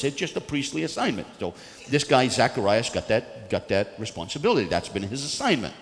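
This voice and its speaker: A man preaching a sermon and reading scripture aloud, swinging between loud bursts and hushed, earnest moments. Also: a little high, big pitch swings, quick pace. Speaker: pastor. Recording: long hall reverb.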